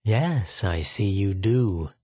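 A man reading a cruel, sneering male official, speaking in a contemptuous, deliberate way. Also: lowish voice, expressive, dark tone, slightly rough, no echo, full character voice. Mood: menacing.

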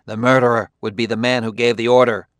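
A man voicing a haunted, defensive male robotics expert who swings between cries of protest and low mutters, read as an audiobook character. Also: animated, moderate pace, a bit bright, no room sound.

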